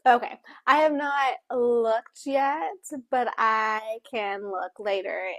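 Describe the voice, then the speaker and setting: A woman co-hosting a casual book discussion, talking while she signs and voicing for a signing co-host, in a halting, self-correcting way. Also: a little high, steady tone, no room sound.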